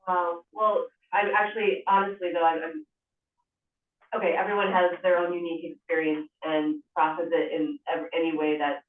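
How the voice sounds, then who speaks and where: A woman's voice: on the low side, little pitch movement, moderate pace. A woman hosting an interview, asking sympathetic, probing questions. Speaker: host. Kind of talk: interview chat. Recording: distant, echoey, phone-like call audio.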